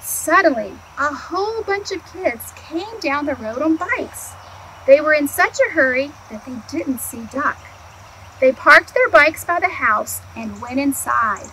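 Lively woman reading to small children. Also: high-pitched, slight background noise, low-quality recording. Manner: animated, asks the kids questions and answers them; slow, clear storytime delivery. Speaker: early childhood museum educator. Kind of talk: picture-book read-aloud for young children.

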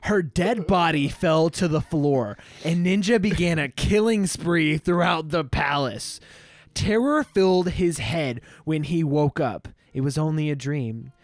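Brief: young male podcast co-host, higher-pitched, dry close mic, hams up a cringe read-aloud. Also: measured pace, dry recording. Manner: mock-dramatic, laughing while reading. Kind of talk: reading aloud and joking.

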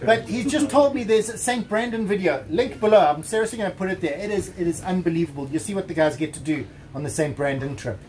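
A man's voice: sits high, expressive, fast, hardly any pauses, darkish tone, rough recording. A man vlogging casually while touring boats, chatty and joking, thinking aloud as he walks. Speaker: travel vlogger. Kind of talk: casual chat. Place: outdoors at a busy waterfront boat show. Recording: faint background noise.

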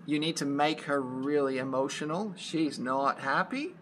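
A storyteller explaining how to read a fairy tale aloud, then reading it, in a slow, deliberate manner. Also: medium pitch, slight background noise.

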